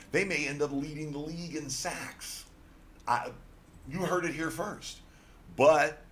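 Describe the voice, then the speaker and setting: A man's voice: fairly low pitch, a little hiss or hum. A man co-hosting a sports radio show, arguing picks in a blunt, teasing way. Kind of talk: casual sports betting chat.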